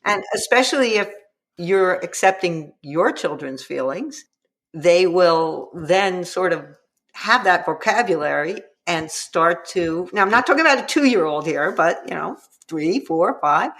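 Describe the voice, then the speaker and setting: Speaking in a casual interview, this author lays out her guidance and brings it to life with quotes from parents and kids. Her voice is on the low side with a fairly bright tone.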